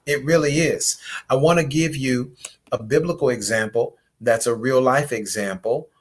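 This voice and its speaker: A man hosting a late-night relationship chat who greets viewers by name and tells a Bible story in an animated, preaching style, acting out voices. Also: medium pitch, normal speed. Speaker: host, relationship coach.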